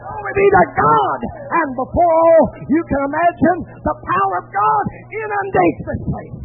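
A man, preaching a fervent, storytelling sermon full of shouted hallelujahs. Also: very high voice, moderate pace, gravelly. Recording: tinny lo-fi line with faint music.

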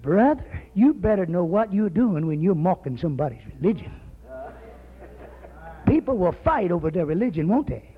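A man preaching a fervent, folksy sermon, shouting at times. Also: high-pitched, big pitch swings, normal speed. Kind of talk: fiery sermon. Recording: slightly muffled recording.

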